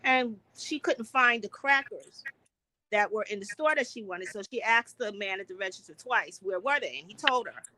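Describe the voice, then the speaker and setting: A middle-aged woman in casual conversation, retelling a personal story in an indignant, animated way. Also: mid-range voice, moderate pace, low-quality recording.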